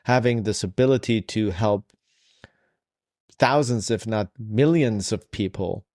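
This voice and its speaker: A man hosts an interview with a somewhat low voice. He builds long, winding questions, starting over and reframing as he goes. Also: a little slow, darkish tone. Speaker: podcast host. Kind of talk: interview conversation.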